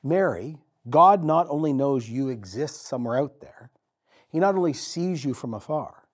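A man preaching a sermon as pastor, telling the story with dramatic pauses and repetition. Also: medium pitch, lively intonation, breathy edge. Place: church.

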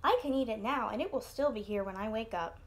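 A woman voicing an easygoing, fun-loving male bear in a storybook, relaxed and carefree. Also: fairly high pitch, quick pace, natural voice.

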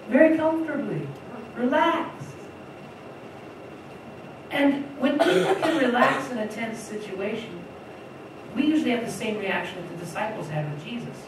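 Woman preacher with a lively, animated storytelling delivery, recorded from a distance in a very echoey church hall with faint background noise. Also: sits high. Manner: animated storytelling, acting out voices of the disciples. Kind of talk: sermon.

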